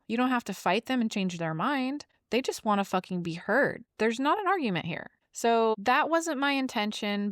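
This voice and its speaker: A woman hosts her own podcast in a casual monologue, blunt and emphatic, with frequent swearing. Her voice sits at a middle pitch and sounds smooth and clear. The recording is dry and close, with no room sound. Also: no echo. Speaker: podcast host.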